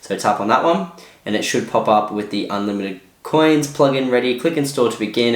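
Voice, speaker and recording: Casual man in an echoey room. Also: fairly low pitch. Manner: casual, repeats filler phrases like "go ahead". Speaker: tutorial host. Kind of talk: casual screen-recorded tutorial.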